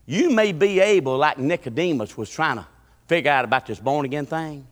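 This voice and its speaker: A man preaching a sermon in a church, swinging from loud shouts to low, quiet talk. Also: fairly quick, in a large hall. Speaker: pastor. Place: church sanctuary.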